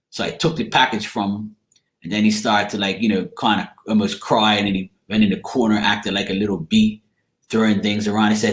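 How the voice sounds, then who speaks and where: Man, low voice, casual rambling chat, blunt and swears, roomy echoey sound. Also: little pitch movement, a little fast. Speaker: tarot reader. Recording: echoey room.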